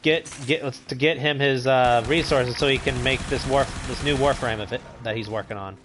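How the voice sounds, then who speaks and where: A man's voice: mid-range voice, steady tone, normal speed, background noise. A man hosting a gaming channel, giving laid-back, rambling commentary while he plays and chats to viewers. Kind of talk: casual gameplay commentary.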